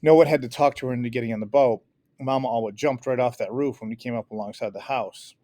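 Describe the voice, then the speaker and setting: A man's voice: mid-range voice, fairly even intonation, quick pace, warm tone. Man reading a novel aloud with slips. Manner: unpolished reading with restarts and slips. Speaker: audiobook reader.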